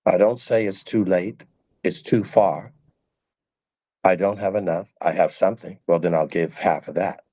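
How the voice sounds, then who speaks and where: A man's voice: sits low, steady tone, moderate pace, dark tone, no room sound. A male preacher giving a sermon, emphatic and repeating phrases for stress.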